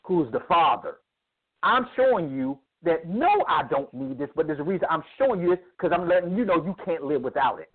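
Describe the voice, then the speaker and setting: Male guest speaker, lively preacher-style delivery, heard down a phone line. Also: a little high, fairly quick, husky. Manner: emphatic, preacherly, acts out dialogue. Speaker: guest speaker on men's ministry. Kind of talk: animated interview storytelling.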